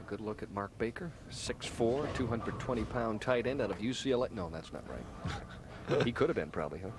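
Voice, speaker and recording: A man calling play-by-play in a measured, low-key broadcast delivery. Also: expressive. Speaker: play-by-play announcer. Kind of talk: sports play-by-play. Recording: noisy old TV broadcast with crowd.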